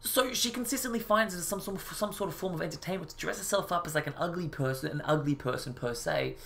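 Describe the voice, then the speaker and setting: A man's voice: fairly high pitch, fast talker, creaky, a bit bright, a little hiss or hum. A man hosting a reaction video, ranting with heavy profanity and exasperation. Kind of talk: ranting commentary.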